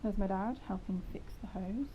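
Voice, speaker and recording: This horse vlogger has a mid-range voice and a moderate pace, narrating her riding casually in a rambling, self-deprecating, chatty way. It's a dull lo-fi recording carrying a faint hiss.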